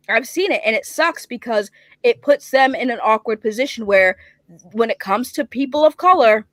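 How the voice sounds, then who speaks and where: A woman with a Boston accent, chatting as a guest on a livestream show, fiery and opinionated, talking fast. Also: a little high, no echo. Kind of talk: casual chat.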